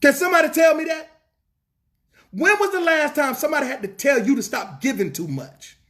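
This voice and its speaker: A man's voice: very high voice, animated, brisk, fairly bright tone. A man preaching a fervent sermon in a church, repeating lines and asking the congregation rhetorical questions, with a Southern US accent.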